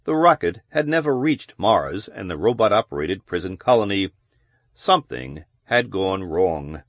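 A man giving measured, descriptive audiobook narration of a novel. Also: low voice, very animated, no room sound, clean studio sound.

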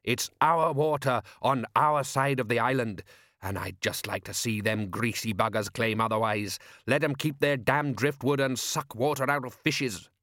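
A man's voice: mid-range voice, fairly even intonation, normal speed, a bit bright, no echo, close to an everyday voice. A man playing a blustering, scheming middle-aged fisherman father in a comic fantasy audiobook. He lectures in a bossy, self-satisfied way, close and dry.

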